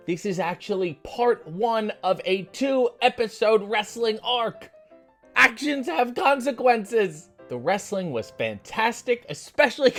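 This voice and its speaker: A man hosts a comedy recap, delivering deadpan, profane asides. His pitch swoops in a lively way, and faint music plays under his voice. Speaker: comedy wrestling recap host.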